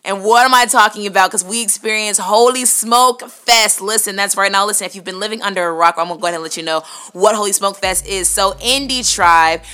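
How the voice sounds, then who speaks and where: A woman co-hosting a radio show, chatting in an energetic, casual way and often saying "listen" while giving shout-outs. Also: mid-range voice, brisk, clear, resonant tone. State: voice still recovering.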